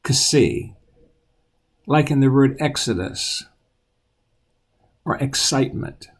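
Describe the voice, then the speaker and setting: A man teaching children the alphabet, patiently repeating each letter aloud in a steady voice. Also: mid-range voice, takes it slowly, vocal fry, husky.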